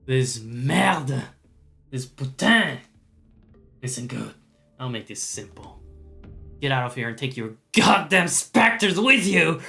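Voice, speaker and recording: Raspy enraged game guardian, yelling, bright edge. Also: male voice, mid-range voice. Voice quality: raspy, strained shouting. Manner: yelling threats, hurling insults. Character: furious raspy male zone guardian, territorial and shouting. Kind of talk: reading game dialogue aloud.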